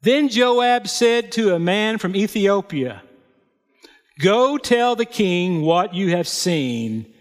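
A man's voice: high-pitched, expressive. A man preaching a sermon, reading scripture and adding plain, folksy comments. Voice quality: unhurried, plain spoken storytelling with folksy asides. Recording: long hall reverb.

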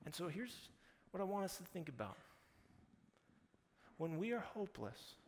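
A man's voice: high voice, very animated, moderate pace. A man preaching a casual sermon, retelling scripture in conversational everyday slang. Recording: reverberant hall, faint background noise.

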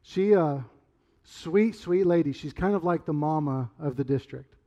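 A middle-aged man preaching a sermon in a loose, conversational way, rambling through stories and sometimes shouting. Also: fairly high pitch, unhurried, lo-fi sound. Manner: conversational, rambling storyteller with sudden loud outbursts. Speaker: pastor.

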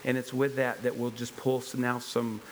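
An earnest male preacher delivers a sermon to his congregation, his voice sitting at an ordinary, middle pitch. He presses each point with emphasis and circles back to the same rhetorical questions. A faint hiss runs under the recording. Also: little pitch movement, moderate pace, poor audio. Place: church service before a congregation.

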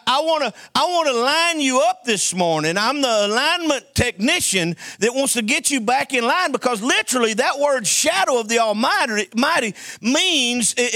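Preacher guy, high ringing voice, dry close sound, folksy call and response. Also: sharp tone, no echo. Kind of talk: sermon.

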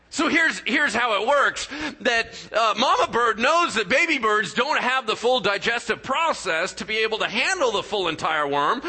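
Animated, bright-voiced male pastor preaching. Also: sits high, breathy edge. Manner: animated storyteller, acts out voices and sound effects; drops to quiet, earnest tones for key points. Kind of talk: sermon. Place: church sanctuary.

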